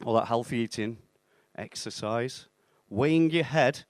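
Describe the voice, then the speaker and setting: Deadpan young stand-up. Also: male voice, medium pitch, a little slow, no echo. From England (Stoke-on-Trent). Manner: deadpan, self-mocking delivery with acted-out dialogue. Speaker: stand-up comedian. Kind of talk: stand-up comedy set. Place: comedy club stage.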